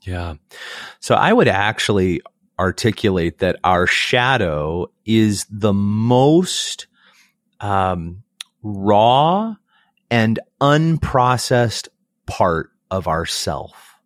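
A man's voice: on the low side, drawn-out words, dry recording, clean studio sound. A man from the United States, a podcast guest, talking in a reflective, storytelling way and acting out quoted voices. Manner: animated, acts out quoted voices.

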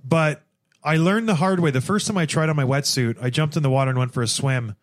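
A young man chatting casually as a guest, telling animated stories and acting out what people said. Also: on the high side, fairly quick. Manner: animated storyteller, acts out quotes. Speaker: podcast guest. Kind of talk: casual chat.

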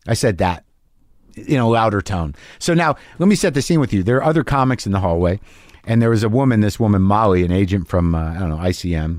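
A man's voice: mid-range voice, no room sound. Candid middle-aged man, dry close mic. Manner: confessional, profane, acts out both sides of an argument. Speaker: podcast host and stand-up comic. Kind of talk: candid monologue.

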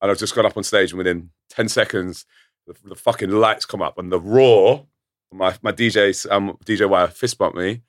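A man in his thirties, a musician telling a story in casual chat, excitable and swearing often. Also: fairly low pitch, normal speed, no room sound, studio quality. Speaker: guest musician.

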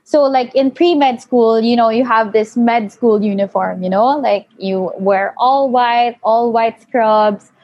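A young woman telling a personal story in casual chat, full of fillers and animated quoting. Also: on the high side, slow pace, hardly any pauses, dry recording. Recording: dull lo-fi, dry.

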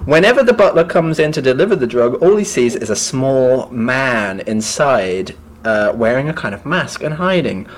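A man co-hosting a casual book podcast, who chats and laughs, then reads passages in a hushed, slow storytelling voice. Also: mid-range voice, animated. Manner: chatty, laughs, trails off into musing. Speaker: podcast co-host.

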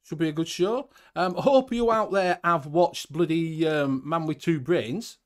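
A man's voice: fairly high pitch, unhurried. A man with a Northern English accent hosting a casual livestream chat, swearing freely and chuckling as he talks. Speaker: host.

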